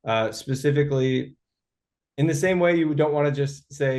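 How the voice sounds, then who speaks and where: A man's voice: on the high side, steady tone, moderate pace, darkish tone. Man rambling through a webinar answer. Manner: rambling, many restarts and fillers. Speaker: webinar panelist. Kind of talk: casual webinar talk.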